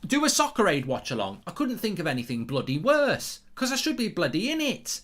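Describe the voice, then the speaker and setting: Brief: male streamer, watchalong host, casual and sarcastic, very lively pitch. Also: brisk. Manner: rambling, sarcastic, swears and sings along in bursts. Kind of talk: casual live-stream chat.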